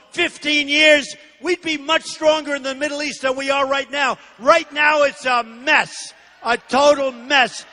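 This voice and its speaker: Man in his sixties, very high voice, rally speech, punchy repetitive phrasing, long hall reverb. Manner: shouts some lines. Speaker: political candidate. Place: large rally venue.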